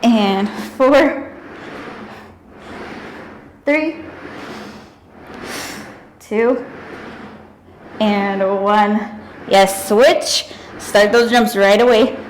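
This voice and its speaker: A woman's voice: medium pitch, very slow, long pauses, slight background noise, low-quality recording. A young woman leading a workout, counting down and cheering, out of breath at times. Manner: energetic cueing with counting and whoops. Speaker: fitness instructor. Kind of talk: workout instruction cues.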